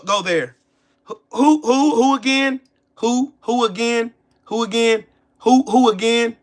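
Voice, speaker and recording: In his forties, a man who streams political commentary delivers an angry rant in a high, pushed, bright voice. He's heated, profane and keeps repeating himself, complaining that he's pissed off and has a headache.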